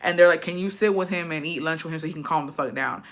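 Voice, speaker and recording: The speaker is a young woman vlogger with a low-sitting voice who talks fast. Sharing a personal story in a casual way, she swears a lot and gets emotional, sometimes tearful.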